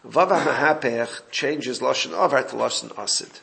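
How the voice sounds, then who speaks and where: A man's voice: mid-range voice, normal speed, gravelly, fairly bright tone, a little hiss or hum. A man giving an informal Torah class, explaining a text and recounting exchanges with his students. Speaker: Torah teacher.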